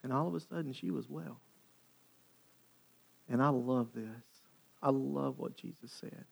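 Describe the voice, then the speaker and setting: A male pastor preaching a sermon, retelling a story with animated, dramatic delivery. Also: mid-range voice, unhurried, gravelly, husky. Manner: animated, dramatic storytelling with sharp swings in loudness.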